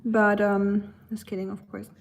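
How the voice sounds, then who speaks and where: A German woman livestreaming from home, chatting casually with viewers and reading comments, with lots of ums and a relaxed, unhurried manner. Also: mid-range voice, a little hiss or hum. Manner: relaxed, many ums, switches between English and German.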